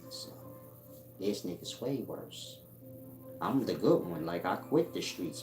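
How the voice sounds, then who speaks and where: A man's voice: low-pitched, expressive, takes it slowly, long pauses. A man giving a blunt, profane monologue with street slang, lecturing his viewers in a streetwise way. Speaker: self-help channel host. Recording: echoey room with music behind. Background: music.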